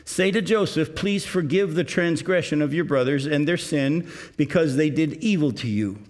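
A man's voice: a little high, normal speed, darkish tone. A man preaching a sermon, reading scripture aloud and explaining it to his congregation. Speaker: pastor.

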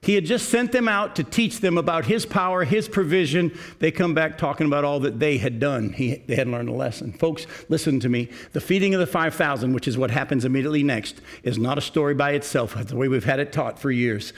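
Man preaching with a higher voice. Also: fairly quick, hardly any pauses. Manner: conversational preaching with rhetorical questions. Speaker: pastor. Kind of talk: sermon.

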